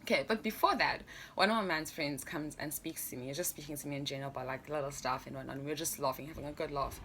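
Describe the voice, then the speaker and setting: A woman's voice: deep voice, fast, fairly bright tone, a little hiss or hum. A young adult woman telling a story in a casual vlog, chatty and laughing often, with plenty of fillers. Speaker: vlogger.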